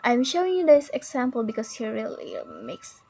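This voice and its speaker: A young woman recites a pronunciation lesson as a tutorial monologue, speaking deliberately and stressing the key words. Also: fairly high pitch, lively intonation, mellow. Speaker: English learner giving pronunciation tips.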